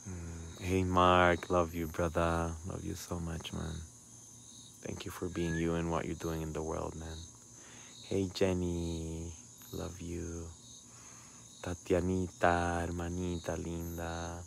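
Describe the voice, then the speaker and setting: A man giving a soft, intimate, heartfelt sign-off to his livestream, mixing in words. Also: sits low, completely flat delivery, takes it slowly, vocal fry, a little hiss or hum. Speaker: spiritual livestream host.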